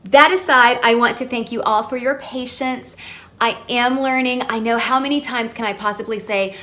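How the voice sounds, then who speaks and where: A woman's voice: on the high side, fairly even intonation, moderate pace, pushed and bright. A woman chatting to her camera at home, giving a casual beauty product review in a chatty, self-deprecating way. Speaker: beauty vlogger. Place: at home filming herself. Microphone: camera mic, facing the lens.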